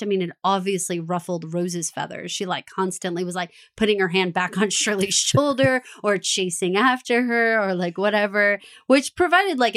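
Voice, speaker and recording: A woman co-hosting a casual TV recap podcast, animated and laughing often, acting out quoted lines. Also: medium pitch. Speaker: podcast co-host.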